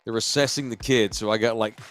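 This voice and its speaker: A man's voice: lowish voice, steady tone, brisk, fairly bright tone, soft background music. A man co-hosting a podcast, talking in a loose, rambling, jokey way. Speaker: podcast co-host. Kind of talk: casual chat.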